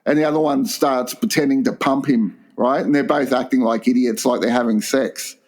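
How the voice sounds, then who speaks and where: A man, cohosting a crude comedy podcast, telling stories and doing squeaky voices for the people he quotes. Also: fairly even intonation, normal speed, a little mellow. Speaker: podcast co-host.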